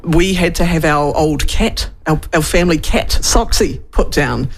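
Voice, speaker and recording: A woman's voice: sits low, animated, a little slow, slight background noise. A woman in her thirties, a radio guest, chatting openly and laughing as she tells a personal story. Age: 30s. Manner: giggly, open, anecdotal. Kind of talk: casual radio chat.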